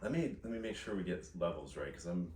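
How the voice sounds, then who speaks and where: A man's voice: low voice, lively intonation, quick pace, darkish tone, recorded from a distance. A man hosting a podcast in a laid-back, hesitant way with lots of fillers. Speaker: podcast host. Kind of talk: casual interview chat. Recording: roomy, off-mic sound.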